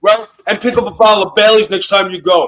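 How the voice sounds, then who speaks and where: A brash man with a fairly high voice barks profane, mock-mobster jokes at a co-host. He roasts and tells war stories with loud comic swagger on a podcast. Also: fairly even intonation, fast, low-quality recording. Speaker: guest wrestler. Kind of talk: loud comedic roasting, storytelling. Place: podcast studio.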